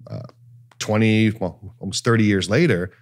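A man's voice: on the low side, moderate pace. Guy cohosting a chatty podcast, jokey, lots of uhs, laughs a bunch. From Ohio. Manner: jokey, laughs often, lists things with many fillers. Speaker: podcast co-host. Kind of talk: casual chat.

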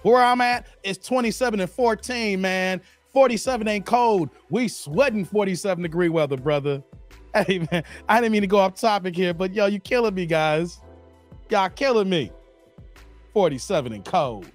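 Chicago guy on a livestream, high voice bouncing all over, soft music under it. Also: lively intonation, normal speed. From Chicago area. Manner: laughing, teasing banter with chat. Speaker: livestream host. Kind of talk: casual livestream chat reading comments.

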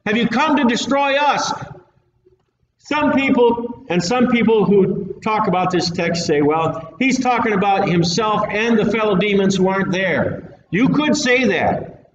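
A man's voice: high voice, lively intonation, a little slow, a little hiss or hum. A man preaching a casual, folksy Bible-teaching sermon in a plain-spoken, emphatic way. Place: church hall with a live audience. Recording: echoey room, mic at a distance, dull sound.

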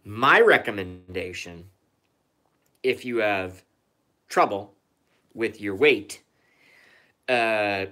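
Slow-talking, rambling male streamer. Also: on the low side, animated, pushed and bright. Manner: rambling, profane and sarcastic, repeats himself. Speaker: live streamer. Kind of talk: casual stream chat.

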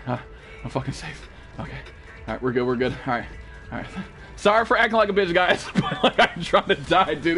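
A man streaming a survival game live, cursing and yelling to his chat and teammates for help, then reading out donations. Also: on the high side. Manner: panicky, profane, yelling for help. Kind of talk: live gameplay commentary.

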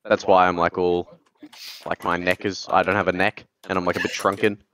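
A man playing a tabletop role-playing game in character, teasing the others in a dry, deadpan way. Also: deep voice, fairly quick, a little hiss or hum. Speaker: tabletop player. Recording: dull lo-fi mic.

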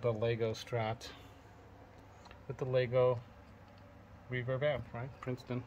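A man of middle pitch gives an excited, rambling walkthrough of a packed indoor guitar room. He admires finishes and amps as he goes and keeps stopping to search for names. Faint noise sits under his voice. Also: a little slow. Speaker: vlogger touring a gear collection. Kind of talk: casual walkthrough commentary.

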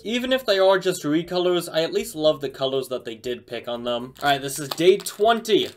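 A man hosting a casual toy unboxing review, talking in an excited, chatty, slangy way. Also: on the high side.

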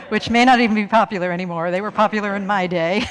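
A woman's voice: mid-range voice, fast talker. Chatty woman preaching in a reverberant hall. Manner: chatty, laughs often, self-mocking. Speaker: minister. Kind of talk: sermon. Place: church sanctuary.

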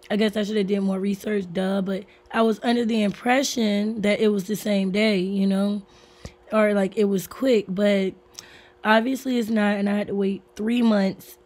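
A hoarse woman with laryngitis chatting candidly and swearing freely in a casual vlog to her phone camera. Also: mid-range voice, darkish tone. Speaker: vlogger.

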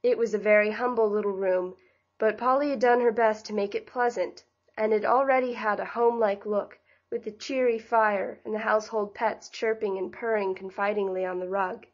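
A woman reading a classic novel aloud as an audiobook narrator, in an even, gentle storytelling manner. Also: mid-range voice, normal speed, dull audio. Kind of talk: scripted narration.

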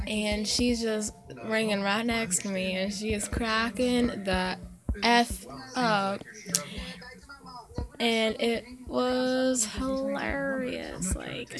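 A young woman vlogging into her phone from a car, rambling casually with lots of fillers. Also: mid-range voice. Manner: chatty, rambling, with many fillers. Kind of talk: casual chat to camera. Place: parked car. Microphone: phone camera.

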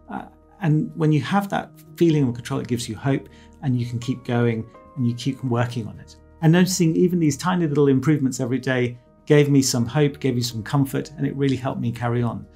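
A man's voice: mid-range voice, brisk, gravelly, a little mellow, slightly rough, faint music behind. A man, an ear surgeon, explaining in a casual, reassuring way, full of asides and quoted inner talk. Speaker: ENT surgeon explaining his experience.

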